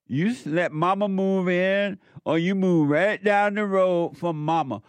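A man's voice: high-pitched, measured pace, hardly any pauses, clear, resonant tone, no echo. A man hosting a call-in radio show, talking emphatically and preachily, repeating phrases. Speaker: radio talk show host.

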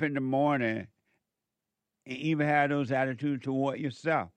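A man preaching a sermon, scolding and emphatic, with sudden swings in loudness and pitch. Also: steady tone, normal speed, dry recording.

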